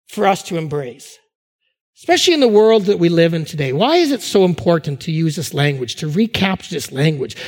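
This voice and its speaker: High-voiced pastor preaching in a hall. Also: male voice. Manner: conversational, repeats words, restarts phrases. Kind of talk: sermon.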